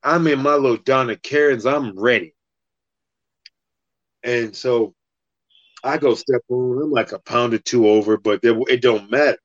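A man's voice: medium pitch, measured pace, long pauses, no room sound, highs cut off. A man telling a fight story in a casual podcast chat, swearing freely and acting out the other people in it. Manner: profane, animated, acts out the other voices in his story.

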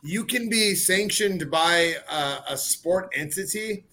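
A man's voice: high voice, takes it slowly, pushed and bright. A man who competes in combat sports, talking casually on a podcast with many fillers and restarts. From California. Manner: rambling, filler-heavy, restarts often. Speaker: fighter and podcast guest. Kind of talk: casual chat.

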